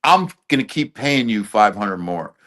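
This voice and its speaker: A man's voice: fairly low pitch, big pitch swings, a little slow, fairly bright tone. A man being interviewed as a guest, talking in blunt, loose street slang full of swearing. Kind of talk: casual chat.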